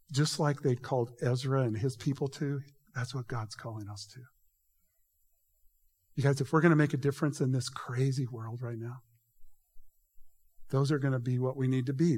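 A man's voice: mid-range voice, a little mellow. A man preaching a sermon in an emphatic, conversational way, addressing the congregation directly. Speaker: pastor. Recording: reverberant hall.

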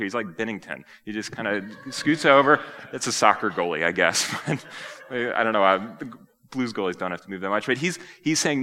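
Male pastor, low voice with a bright, forceful edge; lively sermon delivery that acts out quotes. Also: normal speed. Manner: animated, acts out quoted speech.

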